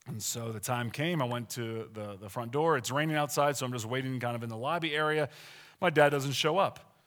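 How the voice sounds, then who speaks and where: A man's voice: medium pitch, fairly quick, fairly bright tone. A middle-aged man preaching a sermon in a conversational, emphatic way, often asking his listeners questions.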